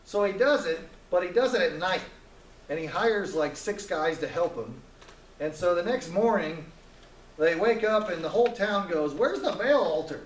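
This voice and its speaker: A man's voice: high-pitched, expressive, moderate pace, reverberant, distant mic, slight background noise, poor audio. A man teaching a Bible story in a casual, joking way, acting out the characters' lines as he retells it.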